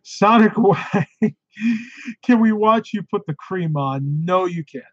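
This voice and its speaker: Tired guy on a live stream, voice a bit high, going hoarse, lots of ums, kinda dull muffled sound. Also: expressive, slow, dry recording. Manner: chatty and rambling, with frequent ums and laughs. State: tired and losing his voice. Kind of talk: casual live stream chat reading viewer questions.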